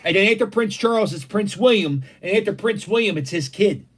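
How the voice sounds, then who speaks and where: Man, high voice, very lively swings in pitch, brash crude joking, casual home chat. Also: a little fast. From Philadelphia, USA. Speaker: livestream host. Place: dining room at home.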